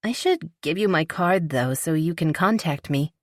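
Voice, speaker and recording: A woman's voice: sits low, expressive, moderate pace, no room sound, clean studio sound. A woman reading a polite, shyly playful young woman. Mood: earnest. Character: young wealthy woman, warm, slightly shy, playful. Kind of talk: audiobook character reading.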